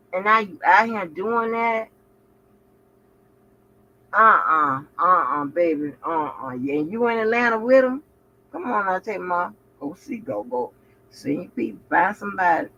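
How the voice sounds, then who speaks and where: A woman hosting a reaction commentary channel, profane and animated, talking back at the clips she plays. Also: mid-range voice, measured pace. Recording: muffled with faint background noise.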